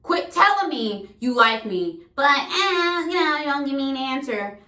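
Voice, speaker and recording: A woman's voice: sits high, big pitch swings, measured pace, sharp tone. A young woman venting casually to camera, exasperated and profane. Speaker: vlogger. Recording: roomy echo.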